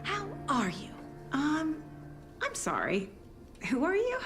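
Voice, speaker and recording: A woman's voice: medium pitch, sing-song, measured pace, soft background music. A woman voicing an effusive, overfamiliar small-town woman in a video game. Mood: gushing. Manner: gushing, effusive. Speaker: excitable local woman greeting an old acquaintance.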